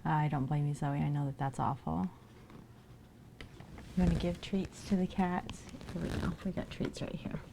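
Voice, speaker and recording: Woman streamer with a lowish voice, chatty, greets viewers by name, coos at cats, faint room hum. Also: moderate pace, gravelly, pauses often, dark tone. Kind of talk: casual live-stream chat.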